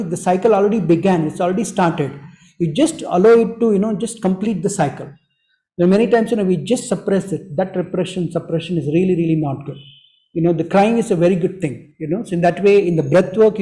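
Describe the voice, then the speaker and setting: A man, teaching breathwork to an online group in a gentle, repetitive way that leans on "you know". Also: sits high, roomy sound, low-quality recording. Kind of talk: online group workshop talk.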